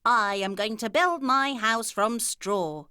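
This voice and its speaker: A woman's voice: on the high side, slow pace, pushed and bright, smooth, dry recording, clean studio sound. A woman voicing a carefree, lazy male little pig from a storybook, sounding breezy and sure of himself.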